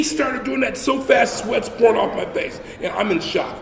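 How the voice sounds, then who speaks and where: A man's voice: high-pitched, expressive, normal speed, far from the mic. A man giving a humorous storytelling sermon as a guest speaker. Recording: echoey hall with faint ambience.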